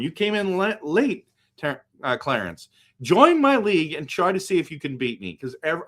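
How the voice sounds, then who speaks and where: A man's voice: on the high side, sing-song, moderate pace, a bit bright. A man from western Canada hosting a casual hockey live stream, thinking aloud as he picks and answers viewer comments. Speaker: hockey livestream host.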